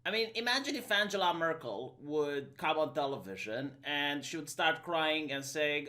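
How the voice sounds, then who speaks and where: Romanian accent guy ranting sarcastically on his vlog, bright voice, pitch all over the place. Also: animated. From Eastern Europe. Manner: sarcastic, argumentative, quick mock impressions. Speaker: streamer. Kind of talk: opinion vlog monologue.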